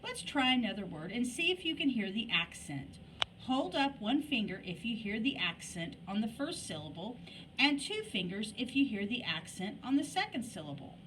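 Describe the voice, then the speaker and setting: A woman's voice: on the high side, sing-song, moderate pace, distant mic, noisy background. A woman teaching a phonics lesson to young children, patiently asking questions and stretching out words to demonstrate them. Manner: exaggerated word pronunciation, patient questions to young students. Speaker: elementary school teacher.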